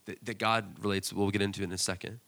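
A pastor delivers a sermon full of animated stories, breaking into loud, excited bursts as he acts out scenes. His voice is fairly low and gravelly, and he speaks fast.

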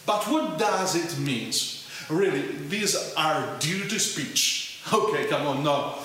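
A man's voice: fairly high pitch, animated, fairly bright tone. A man from Italy with an Italian accent, a church founder playfully teaching a phrase in a recorded video greeting. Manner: playful, teacherly, slow repetition. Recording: very echoey room with faint hiss.

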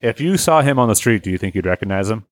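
A man in a casual podcast chat, teasing his friends and quick to laugh. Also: on the low side, lively intonation, no echo. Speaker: podcast co-host. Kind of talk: casual banter.

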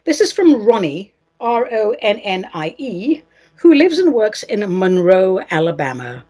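A woman's voice: mid-range voice, big pitch swings, a little slow, mellow, breathy edge. A woman from England, hosting a radio show and reading listener letters in a playful, theatrical, sing-song manner.

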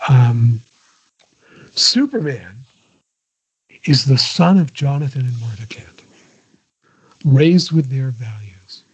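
Older man, husky voice, digressive. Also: fairly high pitch, a little mellow. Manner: digressive, many restarts, chuckling. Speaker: guest. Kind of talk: casual interview chat. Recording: dull lo-fi audio.

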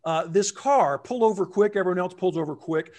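A man telling a story in casual conversation, acting out quotes with lively jumps in his voice. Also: fairly quick. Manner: animated, acts out quotes with big pitch jumps.

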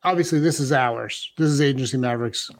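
A man's voice: medium pitch, a little fast. A man co-hosting a business podcast who is losing his voice and asks casual follow-up questions. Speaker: podcast co-host.

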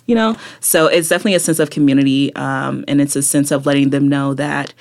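A woman's voice: extremely low pitch, steady tone, fast talker, creaky, darkish tone. A woman guest, a poet and activist, talking reflectively in an interview, often tagging her thoughts with "right?" and "like". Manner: reflective, many fillers like "like" and "right?". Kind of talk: conversational interview.

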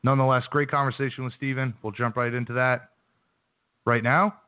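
A man's voice: mid-range voice, level tone, a little fast, clean tone, dry recording. A man hosting a combat sports radio show, recapping the week's news in a casual, brash manner before interviewing a fighter. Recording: dry phone-quality line.

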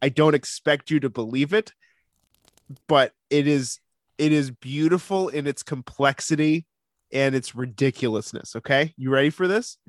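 A man's voice: medium pitch, normal speed, no echo, clean studio sound. A man co-hosting a podcast in casual chat, playful and laughing often as he builds up a story. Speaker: podcast co-host.

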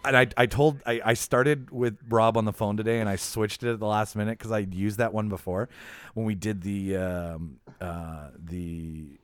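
A man with a lowish voice hosts a relaxed film podcast. He rambles through anecdotes and breaks into laughter now and then. The sound is dry and close. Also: normal speed, clean tone, no room sound. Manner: rambling storyteller, laughs often. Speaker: podcast host. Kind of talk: casual film podcast chat.

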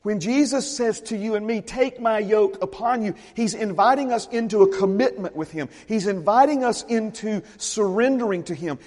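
High-voiced preacher in a ringing hall. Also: male voice. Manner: emphatic preaching, repeats phrases, drops to a hush. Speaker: pastor. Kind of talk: sermon.

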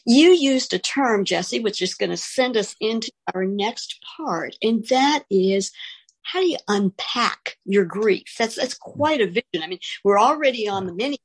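A middle-aged woman hosting a conversation, telling stories and becoming animated when she quotes others. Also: medium pitch, measured pace, breathy edge. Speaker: host. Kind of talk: hosted conversation.

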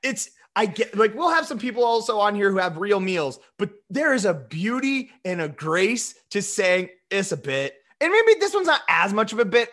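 A man's voice: sits high, a bit bright. A man co-hosting a podcast, joking animatedly in casual banter with frequent stammered restarts. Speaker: podcast co-host.

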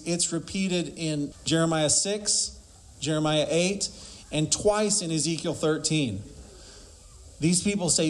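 A man's voice: a little high, slow pace. A man preaching a sermon emphatically, asking rhetorical questions and quoting scripture.

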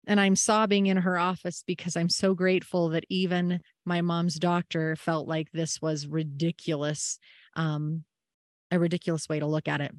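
A woman's voice: fairly low pitch, flat delivery, normal speed, dry recording, clean studio sound. A woman hosting a caregiving podcast, telling a personal story in an earnest, emotional, reflective way. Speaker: podcast host and family caregiver.

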